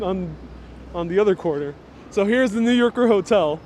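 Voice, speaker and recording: A man with a high, animated, darkish voice talks at normal speed while livestreaming a walking tour on a city street, chatting with viewers and reading out their comments. He's on a wireless lapel mic with a phone on a gimbal, amid street ambience and a little hiss or hum.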